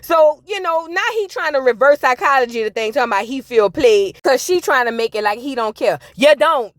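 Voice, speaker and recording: A woman's voice: high-pitched, lively intonation, brisk, dry recording, clean studio sound. A woman giving a sassy, opinionated recap of a reality TV episode, talking straight to her viewers. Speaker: reality TV reviewer. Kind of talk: casual recap commentary.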